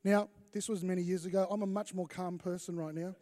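High-voiced pastor preaching in a hall. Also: male voice, fairly even intonation, fairly quick, warm tone. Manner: conversational preaching with self-deprecating humour. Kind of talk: sermon. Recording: long reverb of a large hall.

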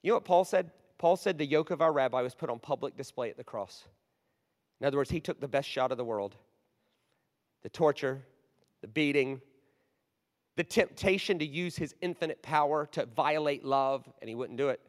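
Forties guy preaching a story sermon, kinda high voice, big echoey church hall, goes quiet then loud. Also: brisk. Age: 40s. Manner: animated storyteller, swings from hushed to shouting. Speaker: guest preacher. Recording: long hall reverb.

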